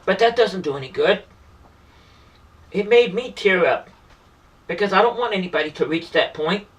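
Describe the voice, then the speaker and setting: Man, high pitch, earnest storyteller, repetitive, stumbling restarts, distant mic. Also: expressive, normal speed, long pauses, a bit bright. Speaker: street performer and vlogger. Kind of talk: emotional personal storytelling.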